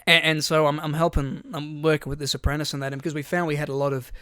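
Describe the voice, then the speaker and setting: A man's voice: a little high, flat delivery, fast talker, bright, forceful tone, clear, resonant tone, no room sound, clean studio sound. A young Australian man, podcast co-host, telling a rambling casual story with lots of swearing. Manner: rambling, swears freely, acts out voices in quotes.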